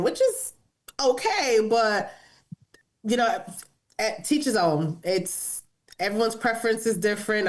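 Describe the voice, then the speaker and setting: A woman co-hosting a podcast in casual chat, sassy and animated, acting out what she would say. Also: medium pitch. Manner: animated, sassy, acts out quotes. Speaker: podcast co-host.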